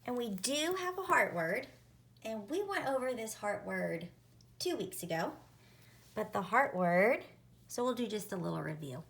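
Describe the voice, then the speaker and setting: A woman teacher leading an early-reading spelling lesson, sounding out words and letters deliberately. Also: mid-range voice, very animated, vocal fry, fairly bright tone, slight background noise.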